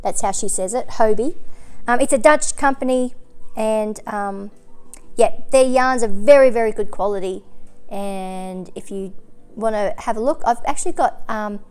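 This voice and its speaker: A woman's voice: mid-range voice, moderate pace, a little mellow, clean tone. A woman hosting a crochet and knitting channel, chatting casually to camera in a rambling way, with frequent ums and self-corrections.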